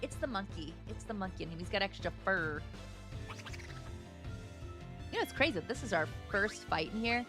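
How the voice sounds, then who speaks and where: A woman's voice: mid-range voice, lively intonation, quick pace, over music. A woman chatting casually with her livestream viewers while she plays, greeting them by name. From United States. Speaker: streamer. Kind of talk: casual gaming livestream chat.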